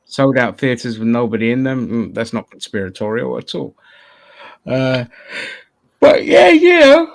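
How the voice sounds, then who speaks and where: A man's voice: mid-range voice, steady tone, normal speed, gravelly. A man from Greece co-hosting a casual chat show, blunt and sweary, often laughing. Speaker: co-host.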